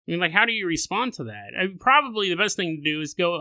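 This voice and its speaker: A man's voice: high voice, big pitch swings, fast talker, hardly any pauses, sharp tone, clear, resonant tone, no room sound. Joking man telling a creepy story. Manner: rambling, joking asides. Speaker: podcast host. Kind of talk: storytelling podcast narration.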